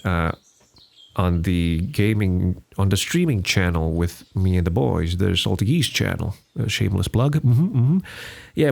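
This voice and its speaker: A man's voice: deep voice, gravelly. A young man hosting a casual solo podcast, rambling and self-deprecating with many restarts. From Singapore. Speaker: podcast host.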